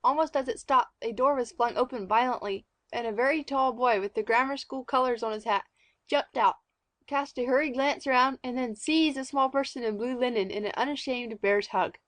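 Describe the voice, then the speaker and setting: A woman narrating a classic story in a clear, measured audiobook reading. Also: fairly high pitch, a bit bright, no echo.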